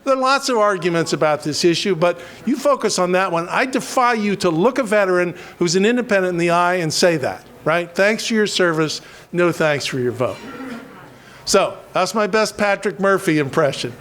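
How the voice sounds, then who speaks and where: A man from western Pennsylvania emceeing a political rally, halting with many restarts and self-deprecating jokes. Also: high-pitched, animated, a bit bright.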